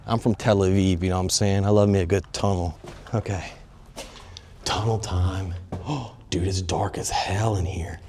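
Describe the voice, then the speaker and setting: A young travel vlogger with a low-pitched voice films a casual walking vlog on a phone mounted on a selfie stick, speaking at a normal pace. He talks straight to viewers, joking, excitable, swearing plenty and out of breath, both outdoors and in the stone tunnels of a sea fortress, with slight background noise.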